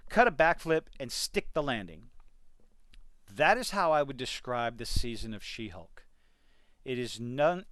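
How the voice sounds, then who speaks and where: A TV review vlogger with a mid-range, somewhat bright voice delivers an exasperated, sarcastic rant about a TV series in his video. The recording is dry.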